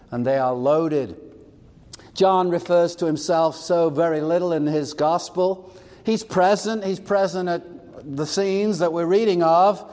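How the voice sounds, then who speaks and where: A man's voice: fairly high pitch, darkish tone. Emphatic preaching man in a reverberant hall. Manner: emphatic, expository preaching with asides. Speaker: pastor. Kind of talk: sermon.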